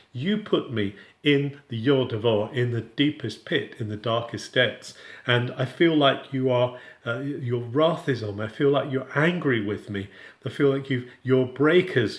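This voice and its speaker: A man giving an informal, earnest Bible teaching, often restarting his sentences. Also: mid-range voice. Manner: earnest, with frequent restarts and paraphrased quotes. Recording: roomy echo.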